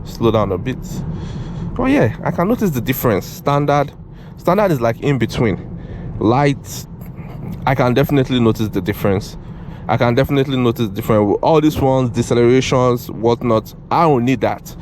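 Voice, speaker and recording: An excitable man talks his way through a test drive. He repeats lines and scolds the car as it moves. Clear road noise fills the cabin behind his voice. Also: medium pitch, moderate pace. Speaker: car reviewer. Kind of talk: casual driving commentary. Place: inside a moving car.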